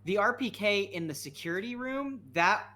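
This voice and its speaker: A man's voice: high-pitched, animated, moderate pace, sharp tone. A man narrating as game master of a horror tabletop game, loose and laughing, with many fillers.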